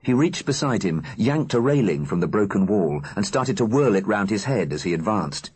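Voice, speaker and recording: Husky, expressive male audiobook narrator. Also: on the low side, normal speed. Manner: expressive, animated. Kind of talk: scripted narration.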